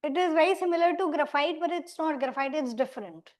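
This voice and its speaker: A woman with an Indian English accent runs a vocabulary class in a small classroom. Her voice sits high, and her delivery is brisk and corrective. She slips between Hindi and English as she explains. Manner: brisk, mixes Hindi and English, scolds sleepy students. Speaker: English teacher.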